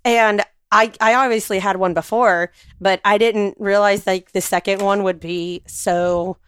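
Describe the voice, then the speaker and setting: A woman co-hosting a podcast in casual chat, hoarse from sinus trouble, rambling and laughing often. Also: mid-range voice, fairly even intonation, unhurried, fairly bright tone, dry recording. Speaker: podcast co-host.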